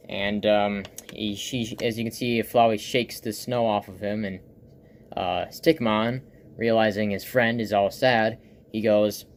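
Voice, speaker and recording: A man with a raspy voice casually walking through an old comic he made, rambling with lots of fillers and restarts. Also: fairly low pitch, steady tone, measured pace, a little hiss or hum. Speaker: comic artist and vlogger. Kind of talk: casual show-and-tell.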